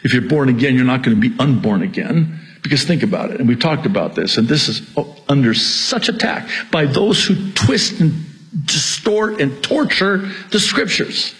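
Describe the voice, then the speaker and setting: A man's voice: medium pitch, very animated, moderate pace, a bit bright, low-quality recording. A middle-aged male pastor preaching a sermon, exhorting and repeating his key points, with jokes at his own expense.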